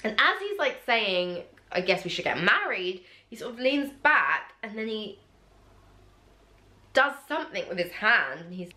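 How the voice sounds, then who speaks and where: Animated young woman storyteller. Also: a little slow. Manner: animated, acts out quotes in a jumpy high voice. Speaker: vlogger. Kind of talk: casual storytelling to camera.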